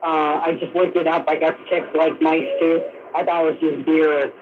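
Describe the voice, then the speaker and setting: A woman's voice: deep voice, level tone, normal speed. An older woman calling a radio show, hesitant and scattered, with many fillers. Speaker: caller. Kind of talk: radio call-in. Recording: tinny phone line on radio.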